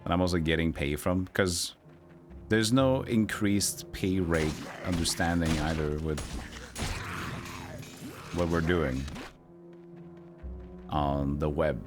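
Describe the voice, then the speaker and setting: A man's voice: sits low, slow pace, pauses often. A young man chatting casually while streaming a video game and reading chat aloud. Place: home streaming setup. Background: game music.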